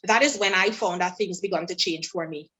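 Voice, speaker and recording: A woman's voice: on the low side, fairly quick, low-quality recording. A woman from St. Vincent and the Grenadines, a guest singer telling stories in a casual interview and acting out what others said. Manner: animated storyteller, acts out quoted dialogue.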